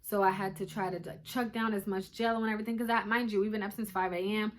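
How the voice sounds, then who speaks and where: A woman's voice: mid-range voice, flat delivery, fast talker, a little hiss or hum. A young woman casually telling her birth story to viewers, chatty and emotional, recorded on a phone at home. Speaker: vlogger. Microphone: phone camera.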